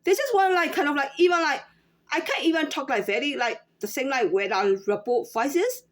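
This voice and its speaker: A woman in her thirties or forties speaking in a casual unscripted monologue, halting with many fillers and restarts. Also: high-pitched, expressive. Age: 30s to 40s. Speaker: former store employee.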